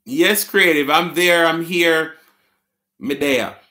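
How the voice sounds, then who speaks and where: Bright-voiced Jamaican man chatting live. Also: fairly high pitch, slow. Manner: reads viewer comments aloud and answers them, laughs often. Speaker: live-stream host. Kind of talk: casual live-stream chat.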